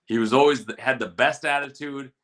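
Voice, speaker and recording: A middle-aged man co-hosts a casual veteran podcast, his voice bright and forceful. He tells war stories and breaks down fights with plenty of cursing, acting out the quotes with energy. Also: medium pitch, brisk. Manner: storytelling, profane, animated quotes. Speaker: podcast co-host, military veteran. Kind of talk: casual chat with fight picks.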